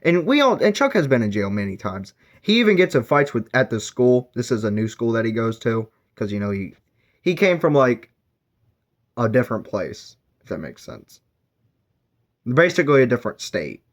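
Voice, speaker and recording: A man's voice: mid-range voice, big pitch swings, moderate pace. A man giving a casual book review, rambling with lots of fillers and self-corrections.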